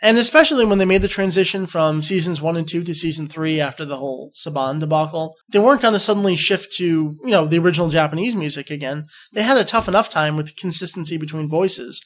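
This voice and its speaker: A young man from New Jersey hosting a casual podcast, talking in an excitable, rambling, jokey way. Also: a little high, fast talker, hardly any pauses. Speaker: podcast host.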